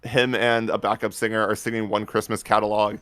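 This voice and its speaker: A man co-hosting a casual podcast, rambling through stories in an animated way and laughing often. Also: on the low side, a little fast, no room sound, clean studio sound. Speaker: podcast co-host. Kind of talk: casual chat.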